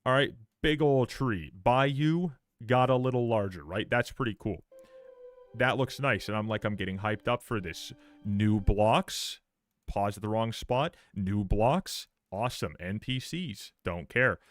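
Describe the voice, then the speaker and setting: Low-voiced man doing stammery stream commentary. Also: lively intonation, a little slow, faint music behind. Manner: repeats words and restarts sentences; sarcastic and profane. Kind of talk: live-stream reaction commentary.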